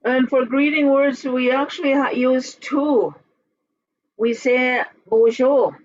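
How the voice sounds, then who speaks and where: Slow, halting online language teacher. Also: sits high, dry recording, lo-fi sound. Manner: relaxed, halting, many fillers. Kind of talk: online class instruction. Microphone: video call.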